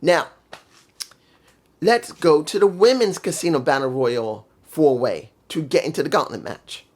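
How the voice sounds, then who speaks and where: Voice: mid-range voice, expressive, measured pace. A wrestling show reviewer ranting heatedly and cursing freely in a casual review vlog.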